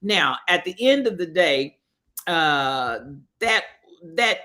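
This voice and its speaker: A woman's voice: lowish voice, expressive, slow, pauses often, bright, forceful tone. A woman hosting a live stream, commenting on current events with emphatic repetition and calling out viewers by name.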